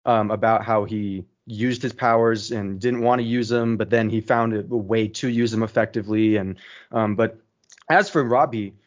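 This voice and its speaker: A man's voice: lowish voice, steady tone, normal speed. Young male co-host, eager, stumbles over words, muffled lo-fi recording. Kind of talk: casual movie discussion. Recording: dull lo-fi sound.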